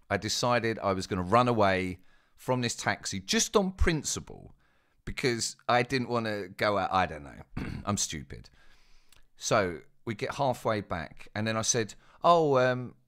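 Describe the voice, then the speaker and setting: A man's voice: on the low side, a bit bright. A young man telling a casual story, chatty and self-mocking, with asides to his listeners. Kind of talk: casual spoken anecdote.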